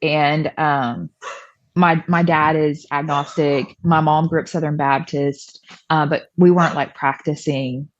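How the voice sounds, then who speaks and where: Young woman, from the American South, lowish voice, chatty storytelling, dry muffled recording. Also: fairly even intonation, measured pace, no room sound. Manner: chatty, self-deprecating, acts out past dialogue. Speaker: podcast guest. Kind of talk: personal storytelling in an interview.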